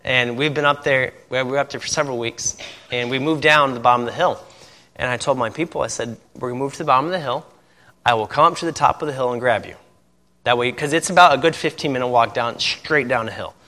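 A man's voice: mid-range voice, fast, sharp tone. A man from Indiana, a missionary pastor, telling stories in a sermon and laughing often at them. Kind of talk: sermon storytelling. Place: church. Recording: long reverb of a church hall.

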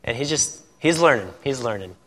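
Speaking at medium pitch with lively intonation, the man talks briskly in a slightly bright tone. He is a missionary pastor from Indiana telling sermon stories in a church, often laughing at them, and the hall's long reverb is audible.

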